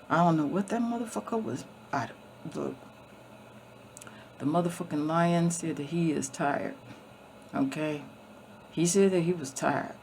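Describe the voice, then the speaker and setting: A woman vlogger tells a story in a blunt, emphatic way, swearing constantly and circling back over her words. Her voice has a gravelly fry to it. There is a faint hiss under the recording. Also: deep voice, darkish tone. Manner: repeats and restarts often. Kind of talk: casual storytelling.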